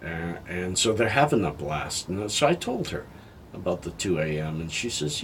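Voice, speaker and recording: An older man talking candidly in a personal vlog, halting and heartfelt, sounding tired and emotional. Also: sits low, sing-song, fairly bright tone, slight background noise. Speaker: health vlogger.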